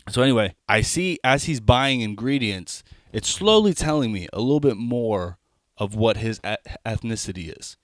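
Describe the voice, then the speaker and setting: A man's voice: on the low side, animated, moderate pace, no room sound, clean studio sound. A young adult man doing a stand-up comedy set, talking conversationally with rambling asides and frequent restarts.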